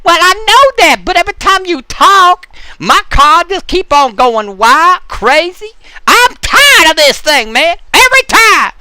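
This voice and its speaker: Guy doing an angry neighbor yelling about his car, high and lively. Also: unhurried, no echo, studio quality, exaggerated voice. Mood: fed up. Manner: complaining, threatening, loud.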